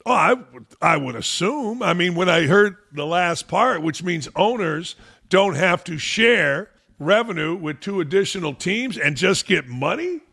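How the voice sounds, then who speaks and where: A sports talk host on a sarcastic rant, mocking as he goes. His voice sits a little high for a man and has a gravelly, creaky texture. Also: lively intonation, a little slow, sharp tone.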